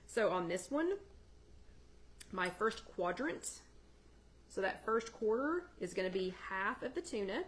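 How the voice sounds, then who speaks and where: A woman's voice: mid-range voice, very animated, unhurried. A woman hosting a live chat, casually walking viewers through a recipe and answering their comments by name from her home kitchen. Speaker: host of a live weight-loss chat. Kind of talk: casual cooking demo on a livestream.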